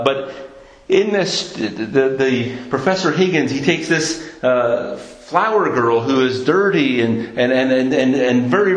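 A man's voice: medium pitch, echoey room, poor audio. A man preaching a sermon in an earnest tone, often stumbling and repeating words as he searches for the next one.

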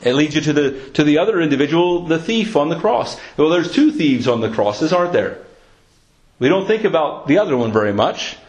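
A male preacher with a somewhat high voice gives an earnest sermon. He leans hard on key phrases and slows down to drive them home. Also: lively intonation, rough recording. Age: adult with a young son. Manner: earnest, emphatic, slows down for stress, quotes scripture.

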